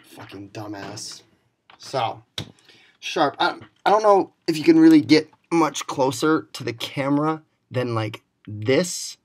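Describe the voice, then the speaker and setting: A man's voice: fairly high pitch, animated, takes it slowly. A young man in a profane, mock-angry comedic rant to camera, playing a league commissioner who insults his fellow video makers with sarcasm.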